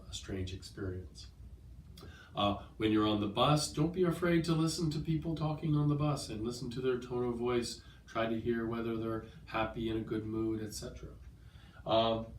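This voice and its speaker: A man's voice: lowish voice, a little hiss or hum. A man with a cold explains listening strategies as a test-prep teacher, patient and checking understanding with "okay?". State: has a cold. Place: language school. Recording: roomy, from a distance.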